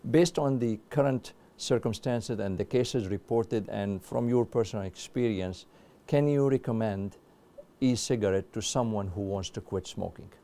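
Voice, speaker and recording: Mellow low-voiced male interviewer. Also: normal speed. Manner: asks long formal questions. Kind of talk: medical interview questions.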